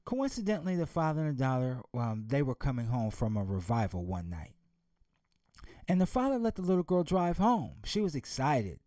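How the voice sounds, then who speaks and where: A man's voice: mid-range voice, sing-song, moderate pace, mellow, no echo, studio quality. A man giving an emphatic motivational talk, posing rhetorical questions and telling a story. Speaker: motivational speaker.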